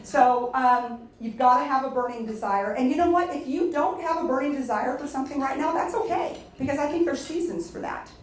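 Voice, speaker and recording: A middle-aged woman giving a lively motivational speech at a luncheon, telling stories and asking the audience questions. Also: high-pitched, fairly quick, few pauses, slight background noise. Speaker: keynote speaker. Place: luncheon event hall. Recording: echoey room from far off.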